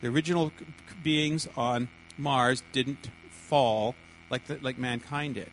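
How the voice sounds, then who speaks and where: A man's voice: mid-range voice, fairly even intonation, measured pace, fairly bright tone, a little hiss or hum, rough recording. A man preaching a sermon to a congregation, often stumbling, repeating words and restarting sentences.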